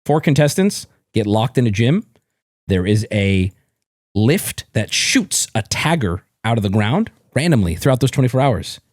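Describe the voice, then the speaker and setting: A man streaming, chatting with viewers and rehearsing a trailer voice-over, drawing out words in a hammy, shouted announcer delivery and swearing as he jokes. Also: mid-range voice, big pitch swings, moderate pace, no room sound, studio quality. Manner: joking, profane.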